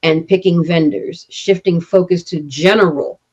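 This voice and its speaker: A woman's voice: fairly low pitch, steady tone, moderate pace, darkish tone, dull audio. A woman co-hosting a casual panel chat, engaged and asking rhetorical questions. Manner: engaged, asks rhetorical questions, laughs along. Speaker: co-host.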